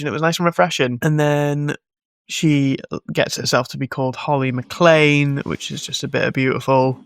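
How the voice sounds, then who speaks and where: A man hosting a film podcast, recapping a movie with sarcastic, animated asides, frequent laughter and casual swearing. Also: a little high, moderate pace, no echo, clean studio sound. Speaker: podcast host reviewing a film. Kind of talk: casual chat.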